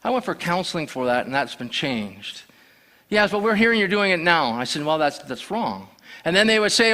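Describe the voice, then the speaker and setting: A man's voice: fairly high pitch, big pitch swings, normal speed, bright, forceful tone. A man telling his personal testimony to a church, earnestly storytelling and acting out the dialogue. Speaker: church member sharing testimony.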